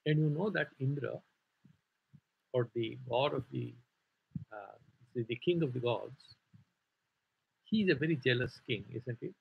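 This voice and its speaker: Indian male scripture teacher, raspy and gravelly, rambling explanatory delivery, muffled livestream sound. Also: medium pitch, unhurried, pauses often. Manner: explanatory and digressive, many "sort of" hedges. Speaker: Vedanta teacher. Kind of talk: scripture class lecture.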